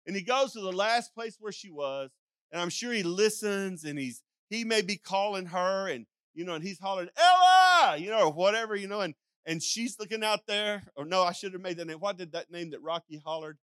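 An older male pastor tells a sermon like a folksy story, rambling through asides and acting out calls. His voice sits high and bright. The sound is close and dry. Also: brisk, smooth, dry recording. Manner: rambling with frequent restarts and asides.

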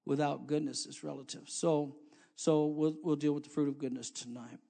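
High-voiced preacher, swinging loud and soft. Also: male voice, fairly even intonation, normal speed, gravelly. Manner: swings from quiet low asides to loud rising exhortation; calls on the congregation, with many fillers and restarts. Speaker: pastor. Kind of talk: sermon.

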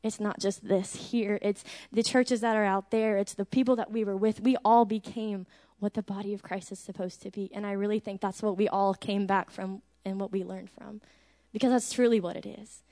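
A woman, a teacher, telling an energetic and animated church testimony about a mission trip. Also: medium pitch, moderate pace.

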